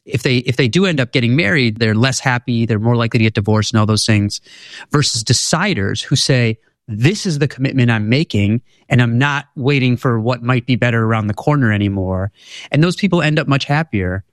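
A man's voice: mid-range voice, animated, brisk, dry recording, clean studio sound. A man, an author guest in an interview, explaining ideas in an articulate, storytelling way. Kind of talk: conversational interview.

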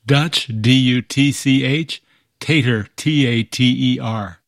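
A man acting as puzzle master on a radio show, reading clues in a measured way and spelling words letter by letter. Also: medium pitch, creaky, a bit bright, dry recording, studio quality. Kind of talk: radio quiz hosting.

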